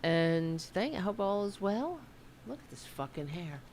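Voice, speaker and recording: Self-conscious about her hair, a middle-aged New Yorker hosts a political livestream, talking in a loose, profane, meandering way as a podcast host. Her lowish voice swings widely in pitch, unhurried and a little mellow, over a bit of hiss or hum.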